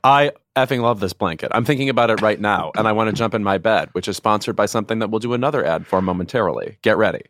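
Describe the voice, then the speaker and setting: A man's voice: fairly low pitch, animated, quick pace, few pauses, a bit bright, no echo, studio quality. A man co-hosting a podcast with wry, self-mocking humor, chatting and reading sponsor ads. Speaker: podcast co-host. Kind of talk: casual chat and read ads.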